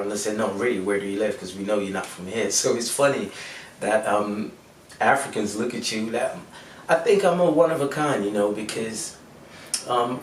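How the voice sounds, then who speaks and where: Man with American twang, relaxed interview talk, roomy echo, faint background hum. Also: medium pitch, distant mic. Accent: American-sounding English. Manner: laid-back, many fillers and restarts. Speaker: rapper and producer. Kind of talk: casual interview answers.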